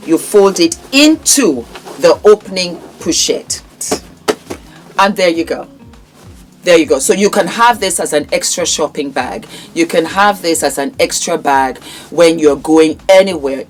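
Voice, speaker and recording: A woman vlogger presenting a bag from her own brand to camera, calling viewers "darling" and repeating her selling points with emphasis. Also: deep voice. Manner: warm, affectionate, calls viewers darling; emphatic, repetitive sales patter. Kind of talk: product showcase to camera.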